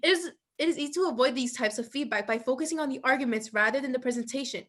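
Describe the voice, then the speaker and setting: A woman's voice: high-pitched, fast, fairly bright tone. A woman giving an instructional presentation, reading slides aloud and explaining them to trainee judges.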